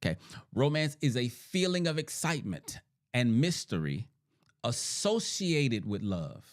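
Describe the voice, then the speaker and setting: A middle-aged man, a therapist hosting a podcast, teaching in a monologue with emphatic repetition and frequent "right?" checks, a little sick and clearing his throat. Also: mid-range voice, very animated, a little slow.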